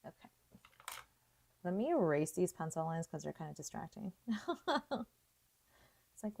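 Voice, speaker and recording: A young woman leads a live watercolor lesson in a relaxed, chatty way, musing aloud as she works. Her voice sits a little low, and she breaks into easy laughter between comments. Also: unhurried, creaky, pauses often. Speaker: art tutorial host. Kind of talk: live painting tutorial chat.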